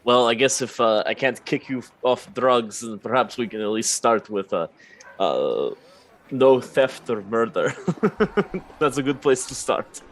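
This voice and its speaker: A man playing his character in a tabletop game, halting and full of fillers, laughing often. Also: mid-range voice, lively intonation, a bit bright. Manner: hesitant, full of uh's, laughs a lot. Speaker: player.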